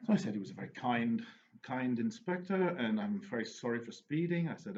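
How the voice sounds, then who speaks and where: A man telling anecdotes and giving advice in a relaxed, casual monologue, often restarting his sentences. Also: mid-range voice, a little fast. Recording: dull lo-fi recording with faint noise.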